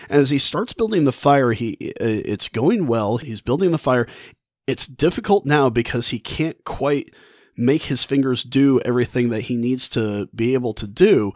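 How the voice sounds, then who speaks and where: A man casually retelling a classic short story with animated energy, laughing often and restarting his phrases. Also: mid-range voice, normal speed, dry recording, studio quality. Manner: animated, retells the story with mock-quoted thoughts. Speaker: book vlogger. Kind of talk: casual book discussion.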